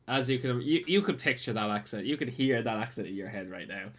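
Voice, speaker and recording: Relaxed esports host. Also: male voice, mid-range voice. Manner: relaxed, friendly, halting with restarts. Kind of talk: casual post-match commentary.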